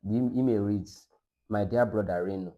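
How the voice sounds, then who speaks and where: A man hosting a reaction video, commenting and reading a document aloud, halting with frequent hesitations. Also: lowish voice, highs cut off. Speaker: video host.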